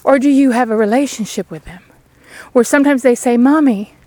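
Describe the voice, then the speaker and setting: A woman with a somewhat high voice delivers an outdoor devotional sermon, standing beside a sheep paddock. She speaks in an earnest, pleading manner, urging her listeners. The sound is dry and close, with no echo. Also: brisk, dark tone. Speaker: lay preacher.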